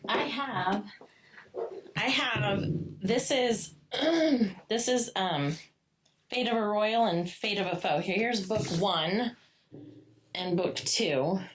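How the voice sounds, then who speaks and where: Woman co-host, casual book chat, effusive and profane, mid-pitched. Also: slight background noise. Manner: gushing, swears freely, quick asides. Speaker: podcast co-host.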